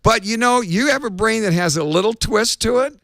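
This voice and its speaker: Male guest storyteller, gravelly tone, dry close sound, animated anecdotes. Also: high voice, brisk, dry recording. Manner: lively storyteller, acts out quotes. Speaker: interview guest.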